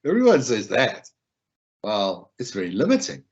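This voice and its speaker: This wellbeing speaker talks informally about supporting others at a measured pace, his mid-range voice carrying lively intonation. He's conversational, repeats phrases, and acts out quoted lines, though the recording is muffled.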